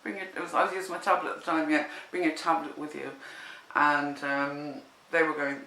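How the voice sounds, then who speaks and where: A woman telling a personal story in casual spoken style, animated and rambling with many restarts. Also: deep voice, fairly quick. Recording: echoey room.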